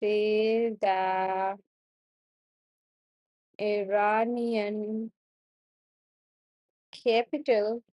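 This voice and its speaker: A young woman with an Indian accent reading the news aloud on a study stream, halting and stumbling over hard words and names. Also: mid-range voice, level tone, no room sound, highs cut off. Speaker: student streamer.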